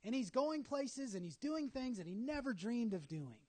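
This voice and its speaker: High-voiced, animated male preacher. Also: normal speed. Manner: animated, dramatic storytelling with acted asides. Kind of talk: sermon.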